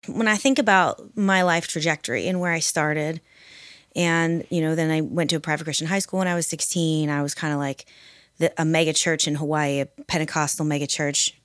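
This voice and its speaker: Young woman on a podcast, kinda low voice, candid and rambly, dry close mic. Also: steady tone, fairly quick, no echo. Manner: reflective, candid, rambling with restarts. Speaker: podcast co-host. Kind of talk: casual group podcast chat.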